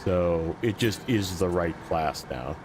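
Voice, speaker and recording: Streaming a game, this man chats casually with his viewers, rambling and joking with plenty of fillers. His voice is low and animated, and he takes it slowly over background noise.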